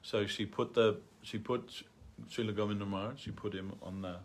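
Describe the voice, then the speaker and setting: A man telling a story at a temple gathering in a halting way, with many fillers and restarts. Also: fairly low pitch, steady tone, a little hiss or hum. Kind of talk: storytelling talk. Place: temple hall.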